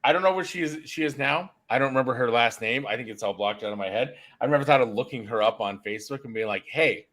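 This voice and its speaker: A man's voice: mid-range voice, fast talker, hardly any pauses, a bit bright. A middle-aged man hosting a podcast, telling a long story in a rambling, self-interrupting way. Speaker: podcast host. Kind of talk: casual chat.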